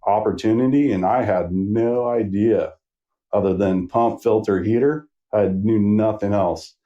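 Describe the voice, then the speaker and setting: A man's voice: fairly low pitch, steady tone, unhurried, mellow, highs cut off. A middle-aged man from Northern California, a sales rep guest on a podcast, chatting casually and telling a rambling story with plenty of fillers.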